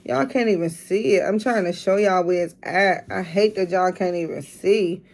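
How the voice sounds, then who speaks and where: A mother filming at home does a drinking challenge for her vlog, chatting casually to viewers and groaning with strain as she speaks. Her voice is mid-range and a little mellow, at a normal speed.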